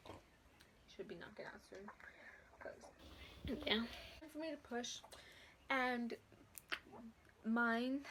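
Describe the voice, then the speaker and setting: A woman's voice: a little high, slight background noise. A teenage woman vlogger telling a casual story from home, blunt and profane with lots of slang. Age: teens.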